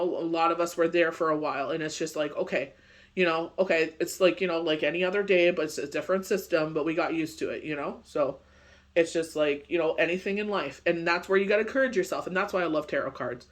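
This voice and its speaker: A man with a slightly high voice talks fast as he gives a casual daily tarot reading. He rambles on with frequent "you know" and "it's just like," still recovering from a bad cold.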